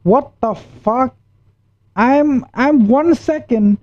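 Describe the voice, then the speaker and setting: A woman's voice: medium pitch, slow, long pauses, no echo. A woman streaming a live reaction, stammering and repeating herself as she gets spooked. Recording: dull lo-fi stream mic.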